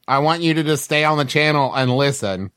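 A man playing a tabletop game, joking in quick banter. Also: on the high side, expressive, a bit bright, smooth. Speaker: player. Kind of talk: casual tabletop play.

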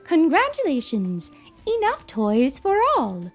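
A chirpy toy claw machine with a raised, sing-song announcer voice, as a woman reading a storybook puts it on. Its pitch bounces in a lively way over faint music. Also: slow, full character voice.

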